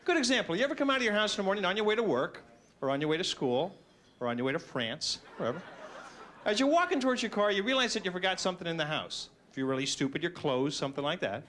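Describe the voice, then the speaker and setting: Guy doing standup, high-ish voice bouncing all over, goofy self-mocking bits. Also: quick pace, slight background noise. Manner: animated, self-mocking, jumps into silly voices. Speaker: stand-up comedian. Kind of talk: stand-up routine.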